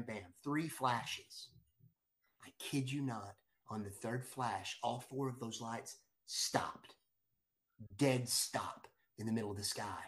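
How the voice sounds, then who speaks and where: A middle-aged man eagerly telling a personal story, with lots of restarts and repeated words. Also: medium pitch. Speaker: guest storyteller. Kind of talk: animated storytelling.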